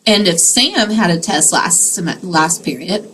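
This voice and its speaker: A woman's voice: lowish voice, animated, moderate pace, fairly bright tone, slight background noise, rough recording. A woman teaching a Spanish grammar lesson in a classroom, explaining patiently step by step and checking in with her students.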